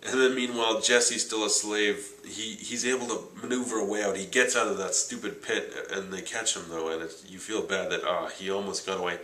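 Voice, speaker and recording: Low-voiced man recapping a TV show. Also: fairly quick, hardly any pauses, echoey room, poor audio. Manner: chatty, excitable recapping with lots of "like". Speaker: TV show reviewer. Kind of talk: casual spoken TV review.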